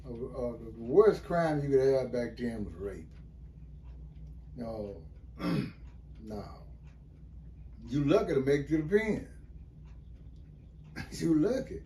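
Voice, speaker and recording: An older man, a former prisoner being interviewed, tells about his time in prison in a loose, rambling, casual way, often asking "you know what I mean." His voice is fairly high and warm, with a little hiss or hum on the recording.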